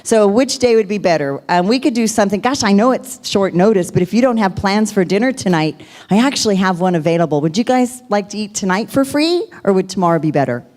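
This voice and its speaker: A woman's voice: mid-range voice, lively intonation, fast, few pauses, darkish tone. Woman on a zoom training, upbeat, acts out her sales lines. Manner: upbeat, demonstrates scripts. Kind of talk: role-played sales pitch. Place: video call.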